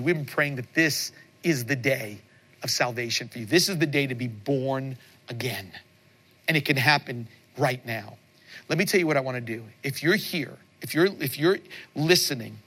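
A man's voice: mid-range voice, moderate pace, sharp tone. A male pastor preaching a sermon and leading an altar call, earnest and repetitive, with stammered restarts.

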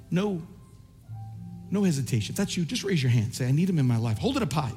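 A male pastor preaching a sermon and altar call, passionate and repetitive, swinging from soft pleading to shouting. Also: on the high side, very animated, quick pace, big-room sound, soft background music. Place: large church.

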